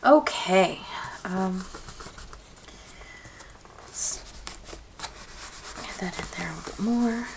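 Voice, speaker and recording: A woman's voice: mid-range voice, slow pace, long pauses, a little hiss or hum, low-quality recording. A young woman from Georgia, chatting in a rambling way while she works on a craft project. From Georgia, USA. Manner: rambling, chatty, many fillers and restarts. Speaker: craft vlogger. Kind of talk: casual chat while crafting.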